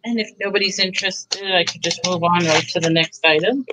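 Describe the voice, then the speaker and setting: A woman's voice: on the low side, a little fast, background noise. A woman selling items on a live online auction, chatty and bubbly as she pushes her bargains. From Texas. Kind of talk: live sales pitch.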